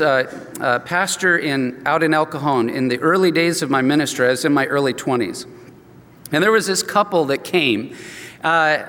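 An older man preaches a sermon as a pastor, talking in a relaxed, conversational way and acting out the people in his stories. His voice sits a little high for a man. It carries with a long reverb from a large hall. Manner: conversational, acts out quoted dialogue. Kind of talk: expository sermon with storytelling.

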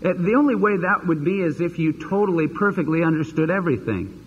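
A man preaching a sermon as pastor, animated and acting out the voices he quotes. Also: on the high side, fast talker, husky. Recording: dull lo-fi sermon recording with long reverb.

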